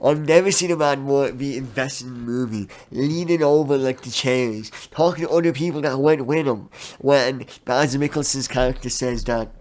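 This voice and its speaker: A man's voice: medium pitch, a little mellow, a little hiss or hum. A man co-hosting a podcast, chatting casually about films. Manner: chatty, brisk, mock-imitates people. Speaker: podcast co-host. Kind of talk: casual film review chat.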